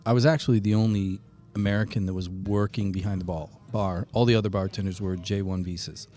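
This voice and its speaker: A man hosting a podcast, chatting casually and telling an animated, swear-laced story. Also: low voice, quick pace, faint music behind. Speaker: podcast host. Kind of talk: casual chat and anecdote.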